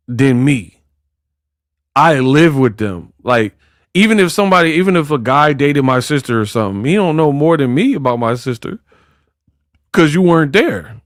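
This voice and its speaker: A man's voice: mid-range voice, no echo, studio quality. A man in casual commentary who talks in a mocking, slangy way and acts out quotes. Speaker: boxing commentator.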